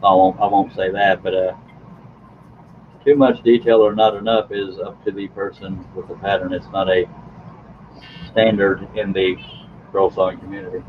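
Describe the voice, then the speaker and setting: A man's voice: sits low, level tone, moderate pace, pauses often. A man hosting a casual live stream, chatting to viewers in a folksy, joking way. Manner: folksy, joking, chuckles often. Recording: slightly dull, faint background noise.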